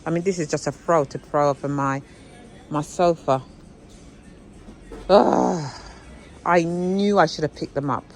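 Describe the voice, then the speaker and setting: A woman vlogger talks to her viewers inside a shop, excitedly chattering about the things she finds in a casual shopping vlog. Her voice sits low and her pace is measured, with frequent pauses. Soft music plays behind her, and the recording is rough.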